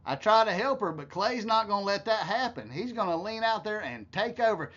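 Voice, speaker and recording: A man's voice: high voice, lively intonation, a little fast, fairly bright tone. Angry ranting man, dull lo-fi audio. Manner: heated, scornful, profane ranting. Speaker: commentator. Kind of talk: angry commentary.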